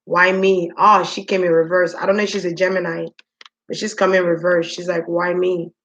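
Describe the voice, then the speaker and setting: A woman's voice: on the low side, steady tone, fairly bright tone, highs cut off. Woman giving a musing spiritual reading. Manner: musing, drawn-out, talks to the spirits directly. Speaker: spiritual reader. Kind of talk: casual spoken tarot reading.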